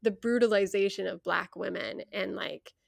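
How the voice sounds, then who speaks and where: A woman's voice: mid-range voice, fairly even intonation, normal speed, creaky, dry recording. A young adult woman co-hosting a podcast, talking frankly and earnestly with frequent laughs. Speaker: podcast co-host. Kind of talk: casual chat.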